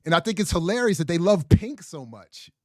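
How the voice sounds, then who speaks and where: A man's voice: high voice, fairly quick, no echo, studio quality. A man co-hosting a casual podcast chat, joking and laughing as he tells stories. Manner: laughing, joking, animated storytelling. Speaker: podcast co-host.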